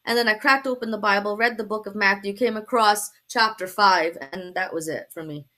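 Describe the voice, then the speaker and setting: A young woman from Brooklyn, telling her conversion story as a guest, animated and laughing often. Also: mid-range voice, brisk. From Brooklyn, New York. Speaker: guest sharing testimony. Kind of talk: personal testimony in a talk show.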